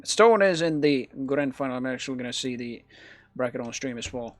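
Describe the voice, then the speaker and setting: A man's voice: medium pitch, lively intonation, a little fast, no room sound. A man co-casting a live online match who talks conversationally and explains how the bracket stands. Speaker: esports co-caster. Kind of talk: casual live game commentary.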